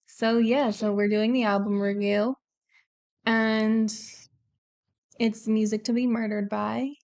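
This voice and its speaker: A woman co-hosting a casual album review chat, talkative and quick to laugh at herself. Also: fairly high pitch, level tone, darkish tone. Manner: chatty and giggly, laughs at herself. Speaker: co-host of a music review channel.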